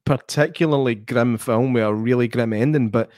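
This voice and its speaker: A man's voice: mid-range voice, a little mellow, no echo, clean studio sound. A Scottish man co-hosting a casual podcast, talking earnestly about films with lots of stops and restarts. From Scotland. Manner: halting, many restarts, earnest. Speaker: podcast co-host. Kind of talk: casual chat.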